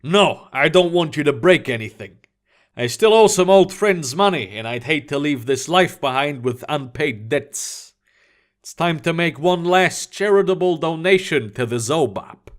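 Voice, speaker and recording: A man's voice: fairly high pitch, lively intonation, a little slow. A man voicing a powerful male mage villain who speaks in a casual, mocking way in an audiobook story. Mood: smug.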